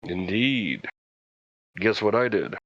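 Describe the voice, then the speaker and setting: A man's voice: fairly low pitch, expressive, takes it slowly, fairly bright tone, dry recording, lo-fi sound. A man speaking earnestly in character at a tabletop role-playing game. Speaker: player.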